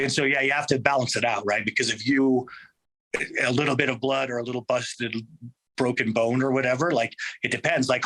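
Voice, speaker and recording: A man speaking as a guest in a casual interview. His voice is bright and forward, set at a middle pitch, and he keeps his delivery relaxed and reflective, often pausing on fillers. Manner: relaxed, thoughtful, with frequent fillers and restarts. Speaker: MMA coach, interview guest.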